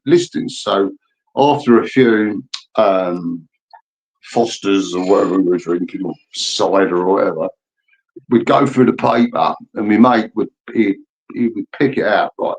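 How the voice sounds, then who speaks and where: A man's voice: lowish voice, measured pace, poor audio. A man, telling old stories in a casual chat and acting out the voices in them. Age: 50s. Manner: animated, acts out voices in anecdotes.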